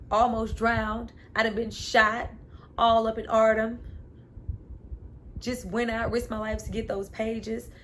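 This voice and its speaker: A woman's voice: a little high, slight background noise. A woman voicing an exasperated young woman, sassy and incredulous, in a casual retelling.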